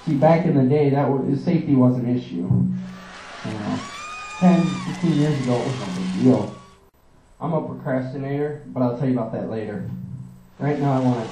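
A young man doing a rambling, energetic stand-up style monologue, talking fast and swearing often. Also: mid-range voice, roomy sound, far from the mic, faint music behind, rough recording. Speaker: comedian.

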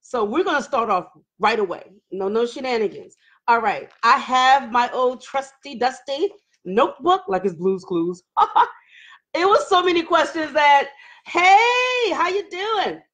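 A woman hosts a casual live-stream chat, calling out viewers by name and laughing between lines. Her voice sits a little high and stays animated throughout. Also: moderate pace, highs cut off. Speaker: livestream host.

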